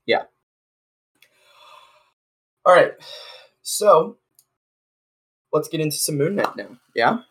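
Male co-host, gravelly low rasp, casual and rambling. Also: very animated, slow pace, long pauses, fairly bright tone. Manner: loose, rambling, with many fillers. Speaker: podcast co-host. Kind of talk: casual chat.

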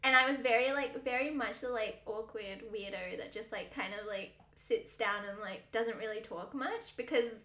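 A woman's voice: on the high side, normal speed, hardly any pauses, bright, forceful tone, reverberant. A young woman co-hosting a podcast, chatting animatedly, swearing and laughing often. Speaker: podcast co-host. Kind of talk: casual chat.

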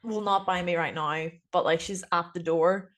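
A woman with a deep voice, a teacher co-hosting a casual podcast and rambling with lots of fillers. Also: steady tone, moderate pace, fairly bright tone. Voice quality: deep voice, says so herself. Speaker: podcast co-host, primary school teacher. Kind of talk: casual chat.

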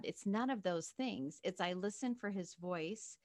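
A woman's voice: medium pitch, unhurried, few pauses, pushed and bright. A woman reads a Bible passage aloud, then shares her personal faith story in an earnest, reflective way, with light laughs. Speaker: guest sharing a faith story. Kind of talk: reading scripture and sharing a testimony.

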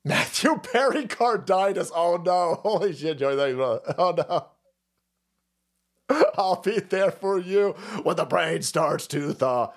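Sarcastic foul-mouthed man with lively pitch. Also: slow pace. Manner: animated, swings into mock voices. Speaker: livestream host. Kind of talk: profane political commentary rant.

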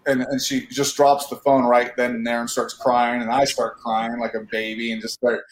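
A mid-pitched man from Northern California tells stories in a relaxed interview. He rambles, circles back, and leans on fillers as he goes. His voice rings a little in an echoey room. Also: normal speed, slight background noise. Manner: rambling storyteller, many fillers and restarts. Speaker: actor, interview guest. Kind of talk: casual storytelling interview.

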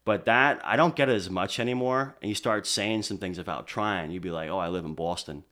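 A young man from Pennsylvania, a DJ guest on a podcast, telling stories in relaxed casual chat, full of fillers. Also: fairly low pitch, a little fast. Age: young adult. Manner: relaxed storyteller, many fillers like "like". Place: podcast studio.

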